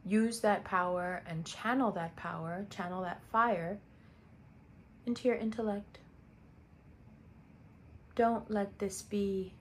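A woman reading tarot for her audience in a loose, conversational way. She talks directly and repeats key phrases to drive a point home. Her voice sits at a middle pitch, with a faint hum of noise behind it. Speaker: tarot reader. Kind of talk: casual astrology reading.

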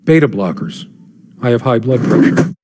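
An actor playing a brooding middle-aged husband, speaking a quiet, reflective inner monologue in a video game. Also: male voice, mid-range voice, animated, moderate pace, in a large hall, lightly acted.

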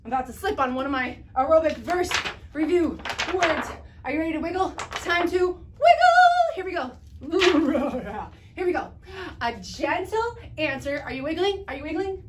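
A young woman leading an energetic children's Bible lesson to camera, moving about as she talks, singing and shouting with bubbly, exaggerated enthusiasm. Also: high-pitched, normal speed, noisy background. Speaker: children's ministry teacher.

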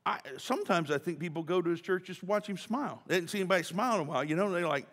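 A man's voice: high voice, rapid-fire, hardly any pauses, a bit bright. A man preaching a casual, joking sermon as pastor, talking chattily with many restarts and asides. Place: church sanctuary. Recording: church hall reverb.

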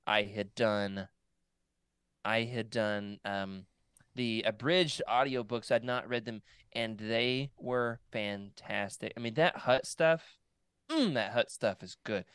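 A man's voice: medium pitch, unhurried, a bit bright, clear, resonant tone, no echo. Male podcast host, loose and rambling, with a dry, close sound. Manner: rambling, playful, trails off with fillers. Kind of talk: casual podcast chat.

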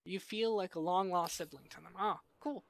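A man's voice: high-pitched, normal speed, creaky, no echo. A man streaming a strategy game, chatting casually and thinking aloud as he plays, into a desk microphone. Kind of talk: casual live-stream commentary.

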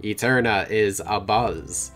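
A man's voice: lowish voice, fairly bright tone, soft background music. A man hosting a game play-through, reading the story text aloud and joking between passages in a playful manner. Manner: playful, quick to laugh. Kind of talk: narrating a text game with casual banter.

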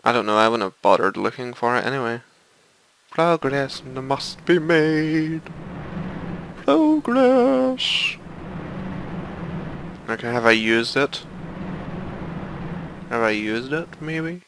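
Gravelly, sweary man narrating a game. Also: medium pitch, moderate pace, pauses often, noisy background. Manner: sweary, exasperated, muttering to himself. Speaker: let's play host. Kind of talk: profane gaming commentary. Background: violin game music.

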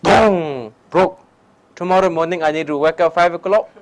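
A young man from Nepal, speaking English with a Nepali accent, giving a public meditation talk with lively stories and "huh?" asides. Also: fairly high pitch, moderate pace, creaky, noisy background. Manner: non-native English, animated anecdotes, frequent "huh?" asides. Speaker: meditation teacher. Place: lecture hall before an audience.

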